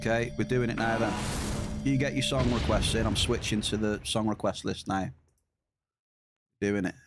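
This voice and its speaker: A man's voice: fairly low pitch, flat delivery, normal speed, music in the background. A man streaming a game, chatting casually and talking straight to his chat. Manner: chatty, addresses chat directly. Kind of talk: casual live-stream chat while gaming.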